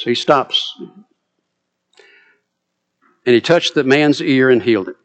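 Preacher retelling a story. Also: male voice, mid-range voice, normal speed. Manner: dramatic, vivid retelling. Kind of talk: sermon storytelling.

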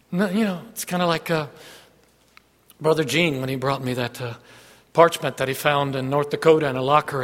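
Folksy preacher man in an echoey hall. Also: fairly high pitch. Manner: folksy, joking asides with the congregation. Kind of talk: sermon.

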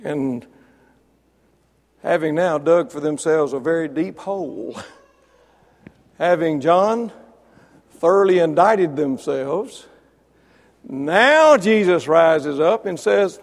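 A man preaching a sermon, building to loud emphatic peaks, then dropping low, with wry asides to listeners by name. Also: lively intonation, takes it slowly, vocal fry, pauses often. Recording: long reverb of a large hall.

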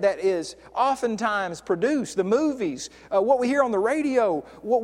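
Male preacher, conversational sermon, restarts, stretches key words; high-pitched, reverberant hall sound. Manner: conversational, with frequent restarts and slow stressed words.

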